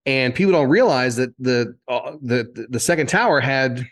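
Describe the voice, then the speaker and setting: A man in his fifties, originally from Indiana, sits as a guest and spins loose, animated anecdotes from his years as a TV reporter. His voice sits at an ordinary middle pitch, and he often circles back and restarts mid-sentence as he builds a story. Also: normal speed. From Indiana, USA. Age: 50s. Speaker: guest, former TV sports and entertainment reporter. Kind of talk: casual interview storytelling.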